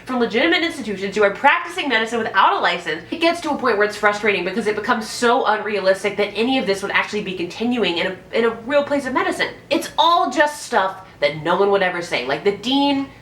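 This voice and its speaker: A woman's voice: medium pitch, expressive, fast talker, hardly any pauses, fairly bright tone, reverberant. A young woman giving a casual, profane, sarcastic movie review and mimicking characters in mock voices.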